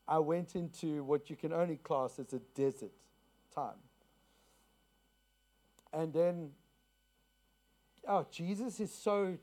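A man's voice: a little high, mellow. A man from South Africa preaching a sermon to a congregation, telling a personal story, asking the listeners questions and repeating key phrases. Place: church to a congregation.

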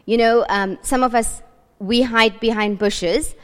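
A woman's voice: fairly high pitch, steady tone, a little slow, clear, resonant tone. A woman preaching a sermon, earnest and building through repeated rhetorical questions. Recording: long reverb of a large hall.

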